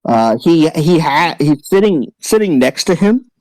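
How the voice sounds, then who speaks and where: A man's voice: a little high, big pitch swings, a little mellow, dry recording, rough recording. A man running a tabletop game as game master, talking casually and swearing now and then. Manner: casual, swears, talks fast.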